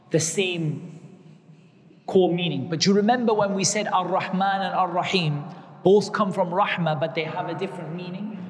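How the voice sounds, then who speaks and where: A man's voice: high-pitched, in a large hall. A man giving a religious lecture, explaining terms patiently and repeating key words. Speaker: Islamic teacher.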